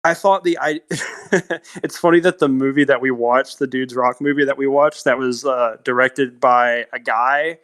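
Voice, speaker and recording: A man's voice: mid-range voice, normal speed, clean tone. A man co-hosting a podcast, casually talking through movie scenes with lots of fillers and laughs. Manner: animated retelling of scenes, frequent likes and laughs. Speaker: podcast co-host. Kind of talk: casual film discussion.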